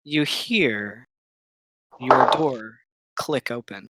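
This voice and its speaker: A game master narrating a tabletop game, setting eerie scenes slowly and with pauses. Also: mid-range voice, heavy background noise.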